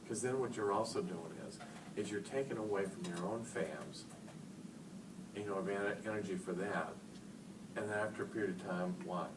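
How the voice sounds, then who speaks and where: A man in his fifties giving a lively, joking talk to an audience of educators, acting out phone calls as he tells stories. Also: lowish voice. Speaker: speaker at an education workshop. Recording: roomy hall, speaker far from mic, noisy.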